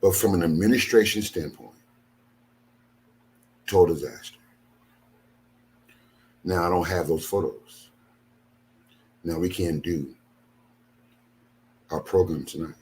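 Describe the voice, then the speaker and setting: A man's voice: low voice, slow, pauses often, darkish tone. An older man, a ministry leader, venting angrily and repetitively from his studio, tired after a sleepless night. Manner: aggrieved, repetitive, emphatic. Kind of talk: angry venting monologue. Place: home studio.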